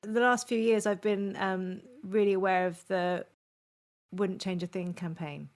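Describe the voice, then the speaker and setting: A woman's voice: medium pitch, steady tone, unhurried. A woman podcast host who listens and laughs along with her guest. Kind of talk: conversational interview.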